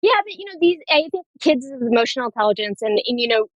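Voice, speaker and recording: A woman's voice: fairly high pitch, lively intonation, fast, no room sound, muffled recording. A woman nurse practitioner speaking as a podcast guest, candid and storytelling, laughing often in casual chat.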